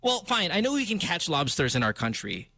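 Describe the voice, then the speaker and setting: A man's voice: a little high, sing-song, fairly quick, bright, forceful tone, no room sound. A man hosting a radio show, talking in a playful, jokey way. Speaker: radio host. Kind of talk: casual radio banter. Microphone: studio microphone.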